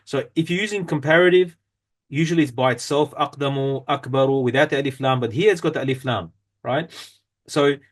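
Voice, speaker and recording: A man at an ordinary pitch teaches a grammar lesson, working through a textbook passage by passage. He explains patiently, often pausing on fillers and correcting himself mid-phrase. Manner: explains step by step, reads from a textbook, many fillers and self-corrections.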